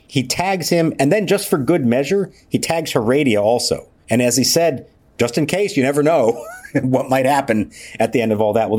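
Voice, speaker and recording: Male co-host, ordinary pitch, lively reporter telling it play by play. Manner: animated, counting out details with rising pitch. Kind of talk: casual sports chat.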